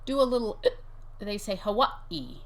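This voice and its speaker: A woman's voice: medium pitch, sing-song, moderate pace. A woman illustrator co-hosting a live reading, reading a picture book aloud and teasing her partner with frequent giggles. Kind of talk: casual live-stream reading.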